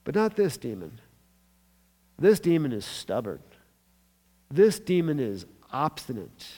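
A man preaching a sermon as pastor, swinging between hushed words and loud, raised emphasis. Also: medium pitch, sing-song, slow pace. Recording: long hall reverb.

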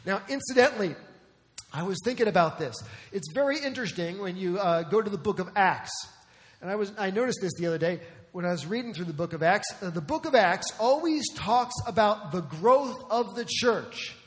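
High-voiced pastor preaching in a hall. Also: male voice, expressive, a little fast. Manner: emphatic, conversational with rhetorical questions. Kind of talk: sermon.

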